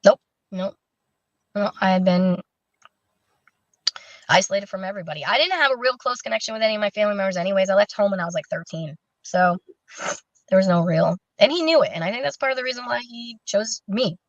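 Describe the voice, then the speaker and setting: A woman being interviewed, recounting a personal story in a candid, halting way with many fillers and restarts. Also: mid-range voice, no echo. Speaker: interview guest. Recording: dull, dry lo-fi recording.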